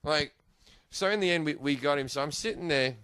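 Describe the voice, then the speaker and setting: A man telling a comic story in an animated, swearing, laughing way. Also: a little high, a little fast, clean tone, no echo, clean studio sound. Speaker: guest.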